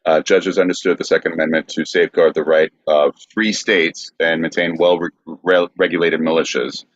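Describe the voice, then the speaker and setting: A man hosting a podcast, reading history notes aloud in a halting way with fillers. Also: low-pitched, level tone. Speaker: host. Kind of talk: reading history in casual chat. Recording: dull lo-fi sound.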